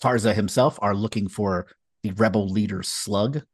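In a clean, studio-quality recording with no room sound, a man co-hosts a casual podcast about comics. His fairly low voice is steady and moves at a normal speed as he recaps a comic with wry sarcasm.

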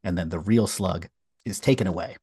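A man's voice: low voice, brisk, warm tone, slightly rough, no room sound, clean studio sound. A man co-hosting a casual podcast, recapping a comic with wry sarcasm. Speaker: podcast co-host. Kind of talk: casual comic book discussion.

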